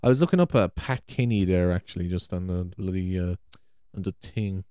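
Man, rambling vlog, cursing, exclaiming, lower-pitched voice, dry close sound. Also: a little fast, warm tone, clear, resonant tone, no room sound. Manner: swearing, exclaiming, trailing off. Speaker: vlogger. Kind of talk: rambling casual monologue. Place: big room at home. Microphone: USB desk microphone.

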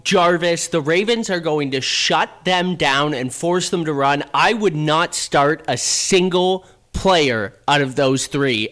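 A man's voice: a little high, fairly bright tone. A man co-hosting a casual sports podcast, talking in a brash, confident way. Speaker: podcast co-host.

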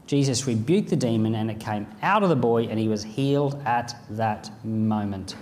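A man preaching a sermon, reading scripture aloud and acting out the lines of imagined speakers in an animated way. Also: fairly low pitch, normal speed, hardly any pauses, long reverb tail, a little hiss or hum.

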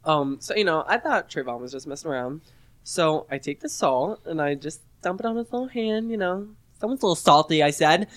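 A man's voice: on the high side, animated, a little fast. A man telling a story with lots of laughter in a casual chat.

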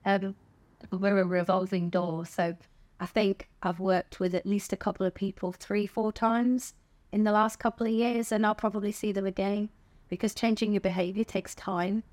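Casting: middle-aged southern English woman, candid guest, casual swearing, easy laughs, mid pitch. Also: flat delivery, moderate pace, a little mellow. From England. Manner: frank and chatty, swears casually, laughs often. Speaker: podcast guest, stand-up comedian. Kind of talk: candid conversational interview.

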